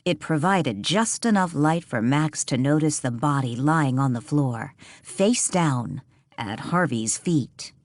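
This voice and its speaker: A woman reading a mystery audiobook as narrator, in a measured, suspenseful way. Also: sits low, animated, a little mellow, no room sound, studio quality. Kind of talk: storybook narration.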